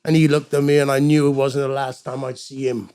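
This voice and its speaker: A man's voice: medium pitch, flat delivery, brisk, a little mellow, smooth. A middle-aged man, telling a story as a guest in a casual interview, swearing freely and acting out the voices of the people he quotes. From Wales. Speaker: guest musician.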